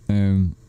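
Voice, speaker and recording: Deep, dark-toned man chatting. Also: clean tone. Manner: rambling, self-correcting, reads chat questions aloud. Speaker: livestream host answering chat. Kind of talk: casual live-stream chat.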